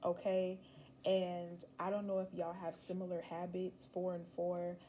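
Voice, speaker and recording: A woman's voice: on the low side, completely flat delivery, a little slow, mellow, slight background noise, rough recording. A young woman giving a casual, rambling tarot reading, chatty and slangy with emphatic asides. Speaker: tarot reader.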